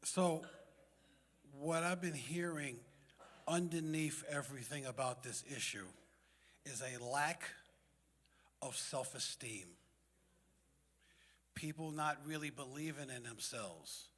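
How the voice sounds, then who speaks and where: A man with a slightly high voice tells a streetwise personal story to a gathered group. His words ring out with a long reverb from the hall. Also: takes it slowly, long pauses, fairly bright tone. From South Bronx, New York. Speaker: community meeting speaker.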